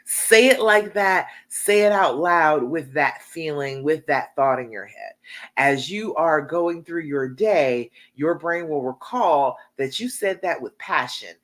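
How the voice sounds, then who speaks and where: A woman's voice: sits low, takes it slowly, a bit bright. A woman relationship coach giving a live coaching talk, encouraging and checking in with her listeners again and again. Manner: encouraging, repeats "okay?" often.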